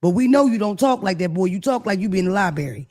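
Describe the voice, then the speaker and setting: A man's voice: high voice, lively intonation, fast talker, darkish tone. A man co-hosting a podcast, gossiping crudely and theatrically and mimicking people he talks about. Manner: gossipy, theatrical, quotes people in mock voices. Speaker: podcast co-host. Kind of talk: crude comedic casual chat.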